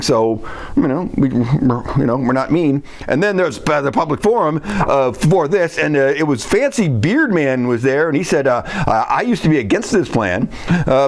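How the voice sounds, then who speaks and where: Sarcastic guy recapping a council meeting, kinda high voice that jumps around a lot. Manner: sarcastic, mimics speakers in quick quotes. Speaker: local commentator recapping a city council meeting. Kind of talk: casual recap monologue.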